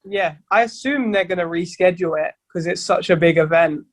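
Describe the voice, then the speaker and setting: A man's voice: high-pitched, a little fast, no room sound. Young man, casual and sweary. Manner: rambling, swears freely, many restarts. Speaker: band vocalist guest. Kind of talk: casual podcast chat.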